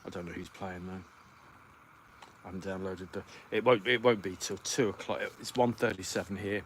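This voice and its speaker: A man hosts a relaxed solo livestream from home, letting his thoughts wander aloud and filling the gaps with ums. His voice sits on the low side. A faint hiss runs underneath. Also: moderate pace. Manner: rambling, thinks aloud with many ums. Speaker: podcast host. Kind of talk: casual solo livestream chat.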